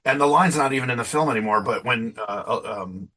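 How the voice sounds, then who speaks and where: A man's voice: mid-range voice, fast, bright, forceful tone. A man in his fifties, an interview guest, chatting casually with a rambling, self-deprecating manner and frequent laughs.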